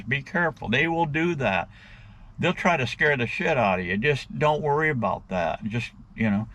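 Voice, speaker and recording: Middle-aged man, blunt crude vlog rant, mid-pitched voice, talks straight at viewers. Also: pushed and bright, dull audio. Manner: blunt, crude, keeps addressing "guys". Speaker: vlogger. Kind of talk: casual rant to camera.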